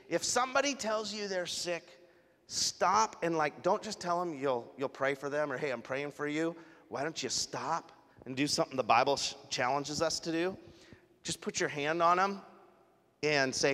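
Bright-voiced preacher in a reverberant hall. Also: male voice, a little high, moderate pace. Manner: conversational storytelling, animated. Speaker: pastor. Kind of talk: sermon. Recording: live sermon in a reverberant hall.

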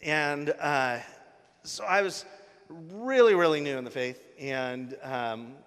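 Bright-voiced man telling a story in a reverberant hall. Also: on the high side, slow pace, clean tone. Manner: casual, earnest storytelling with many fillers and restarts. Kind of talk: sermon storytelling.

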